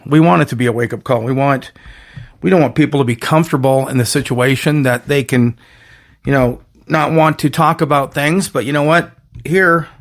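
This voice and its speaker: A man hosting his own solo podcast, talking in a rambling, emphatic way with punchy catchphrases and frequent self-corrections. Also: mid-range voice. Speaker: podcast host.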